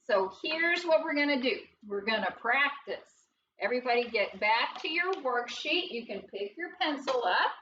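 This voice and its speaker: A woman teacher leading a phonics lesson in a classroom, talking slowly and deliberately and sounding out letters with encouragement. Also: a little high, expressive, fairly bright tone. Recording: distant, dull lo-fi audio with faint noise.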